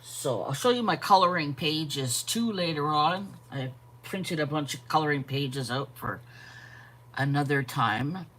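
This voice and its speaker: A woman hosting a live art stream, chatting casually, greeting viewers by name and pausing to yawn and correct herself. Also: deep voice, a bit bright. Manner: frequent yawns and self-corrections. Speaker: art channel host.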